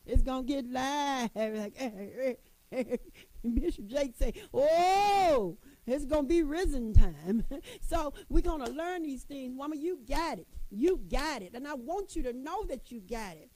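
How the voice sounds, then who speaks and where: Folksy high-voiced woman urging listeners on. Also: expressive, unhurried, a little mellow, low-quality recording. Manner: folksy and emphatic, repeats phrases, calls listeners honey. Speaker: motivational speaker addressing women. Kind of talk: motivational talk.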